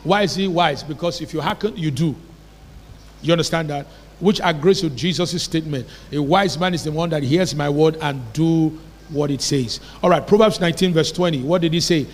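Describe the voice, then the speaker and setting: A man's voice: on the high side, moderate pace. A pastor preaching a sermon in a church, emphatic and asking his congregation rhetorical questions. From Nigeria. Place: church hall. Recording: long reverb of a church hall.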